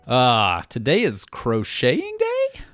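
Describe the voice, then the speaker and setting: A young man co-hosting a relaxed podcast chat. His pitch bounces around a lot while he cracks puns and reads labels aloud, and the recording is dry and close, with no room sound. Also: takes it slowly, no echo, soft background music. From Alabama, USA. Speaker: podcast co-host. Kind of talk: casual chat.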